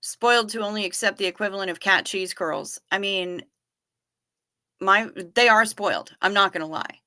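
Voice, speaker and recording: A woman's voice: medium pitch, normal speed, pushed and bright. A woman hosting a livestream, chatting casually with viewers and reading their messages aloud, wry and loose with the odd swear. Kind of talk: casual chat.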